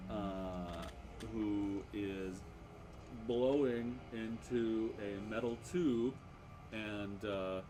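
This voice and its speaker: A man running a tabletop game as game master, describing scenes with many pauses and fillers. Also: lowish voice. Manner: hesitant, many fillers, chuckling. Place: backyard or living room, home table. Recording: noisy home table recording.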